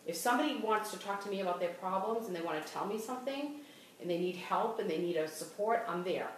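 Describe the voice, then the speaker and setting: This host, a middle-aged woman with a Boston accent from the Boston area, talks fast in a mid-range voice with lively intonation. Her casual podcast chat is full of restarted sentences and laughter. She sits far from the mic in an echoey room, with slight background noise.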